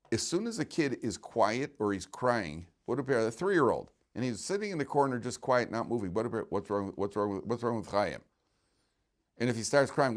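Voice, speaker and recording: A man teaching a Torah class in a casual, joking way, asking the room questions and often restarting his sentences. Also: medium pitch. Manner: chatty, joking, many restarts and rhetorical questions. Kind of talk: informal Torah lecture.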